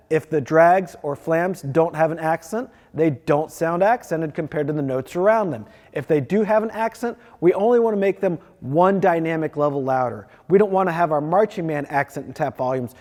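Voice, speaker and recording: A man explains snare technique in a clear, step-by-step teaching manner. His voice sits a little on the higher side. The room gives it a long, ringing reverb. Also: a little mellow. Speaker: percussion teacher. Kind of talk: instructional demonstration.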